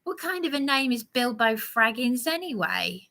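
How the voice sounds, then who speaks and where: Her slightly high, bright voice swings widely in pitch and sounds forceful as she rambles live, preaching and aggrieved while slowly, haltingly answering a commenter.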